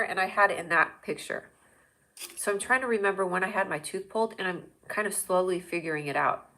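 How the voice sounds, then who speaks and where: A woman's voice: mid-range voice, sharp tone. A woman hosting a livestream show, chatting in a rambling, jokey way straight to her viewers. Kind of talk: casual livestream chat.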